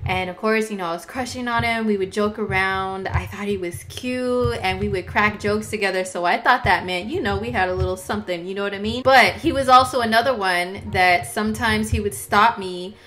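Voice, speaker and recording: Bright-voiced woman telling animated stories. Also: mid-range voice, brisk, few pauses, soft background music. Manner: animated, slangy, acts out dialogue. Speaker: astrology vlogger. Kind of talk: casual storytelling chat.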